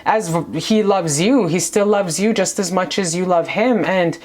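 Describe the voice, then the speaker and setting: Gushing woman tarot reader, slightly low-pitched, rambles warmly straight to camera. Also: measured pace. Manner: gushing, rambling and affectionate, calling the viewer baby. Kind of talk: casual tarot reading to camera. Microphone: camera mic.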